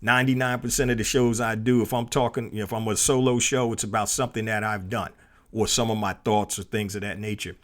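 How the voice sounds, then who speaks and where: A man's voice: fairly low pitch, level tone, fast talker, a bit bright. A middle-aged man hosting a solo podcast, telling a personal story in a loose, conversational way with many fillers and restarts. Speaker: podcast host.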